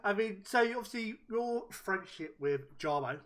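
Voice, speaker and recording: A man's voice: sits high, lively intonation, moderate pace, a bit bright. A man hosting a podcast, teasing his guest and laughing often. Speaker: podcast host. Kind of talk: casual podcast chat.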